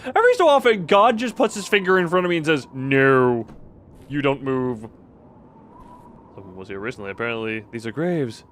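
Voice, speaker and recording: A man's voice: sits high, sing-song, fast talker, a bit bright, slight background noise. A man streaming a horror game, giving rambling, jokey, self-mocking commentary as he plays. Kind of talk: casual gameplay commentary.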